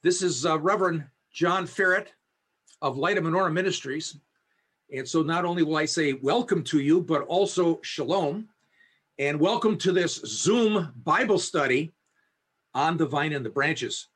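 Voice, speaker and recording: A man, a pastor, teaching an online Bible study over a video call, speaking earnestly and reciting a blessing slowly. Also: on the high side, fairly bright tone, breathy edge. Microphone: high definition video camera.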